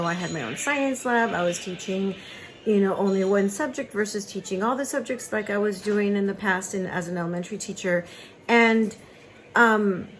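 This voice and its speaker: A woman in her thirties tells a painful personal story to her camera, halting and hesitant, with many fillers and restarts. Her voice sits at a middle pitch and she sounds choked up at times. A cartoon plays on a TV in the background. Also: slight background noise, rough recording. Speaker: craft vlogger.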